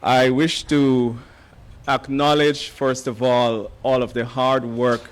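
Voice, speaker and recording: Hoarse man giving formal remarks. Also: mid-range voice, flat delivery. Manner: measured, formal, with frequent hesitant fillers. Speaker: education official giving remarks. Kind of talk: formal ceremony speech.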